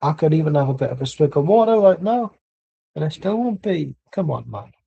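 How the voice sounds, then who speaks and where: Guy for a match watchalong, mellow husky voice, rambling, blunt, sweary. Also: fairly high pitch, very animated, brisk, muffled recording. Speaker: watchalong streamer. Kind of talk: casual live match commentary. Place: at home.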